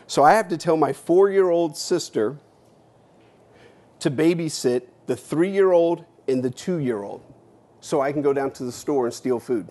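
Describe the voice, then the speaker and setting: On a stage at a university event, a mid-range-voiced American man gives a keynote speech built around a blunt personal story with casual swearing. He swings between hushed and emphatic delivery while acting out things he once said.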